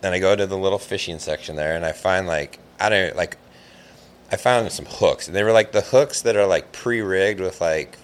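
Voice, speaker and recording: A man telling a long fishing story in casual chat, rambling and animated, with lots of "like" fillers. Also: low voice, moderate pace. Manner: rambling, animated, heavy use of "like".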